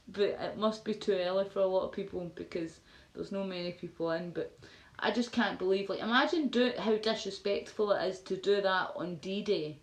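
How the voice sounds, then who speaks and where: A woman's voice: medium pitch, moderate pace. A Scottish woman chatting casually on a livestream, swearing freely and rambling as she answers viewer comments. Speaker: livestream host. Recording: roomy echo.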